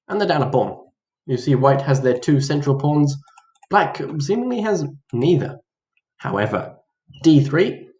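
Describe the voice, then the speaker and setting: A man walks through a chess opening in a playful, mock-dramatic way, voicing both players' reactions. His voice sits at a middle pitch. The room around him rings with a noticeable echo. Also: a little mellow. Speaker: chess teacher. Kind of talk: casual chess lesson. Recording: roomy echo.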